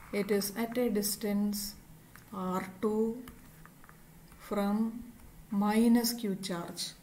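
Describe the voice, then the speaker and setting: Slow, deliberate woman teaching physics. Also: medium pitch, dark tone, slight background noise, rough recording. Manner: deliberate, spells out each term and symbol. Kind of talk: slow, step-by-step lecture.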